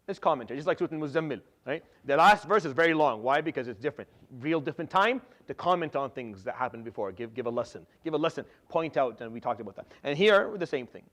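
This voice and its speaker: A middle-aged man giving a religious lesson as a Quran teacher, animated, often repeating and restarting words, with Arabic terms mixed in. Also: a little high, quick pace, hardly any pauses.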